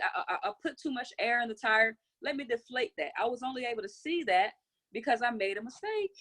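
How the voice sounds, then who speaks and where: Energetic woman hosting a motivational call. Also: medium pitch. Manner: energetic, repetitive, preacher-like urging with call-and-response. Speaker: host of a motivational conference call. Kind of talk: motivational group call talk.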